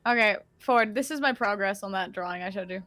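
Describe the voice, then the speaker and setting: A woman chatting casually with her tabletop game group, animated and teasing, laughing often. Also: medium pitch, fairly quick, no echo. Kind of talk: casual chat before a game session.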